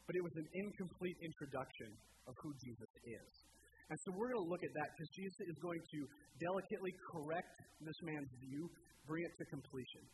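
A young man in his twenties gives a casual, conversational sermon, often restarting and posing rhetorical questions. His voice sits a little high. A steady noise runs beneath the recording. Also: brisk. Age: 20s.

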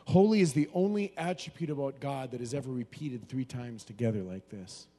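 A man preaching a sermon, moving between hushed, low passages and loud, animated bursts. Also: a little fast. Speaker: pastor. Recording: long hall reverb.

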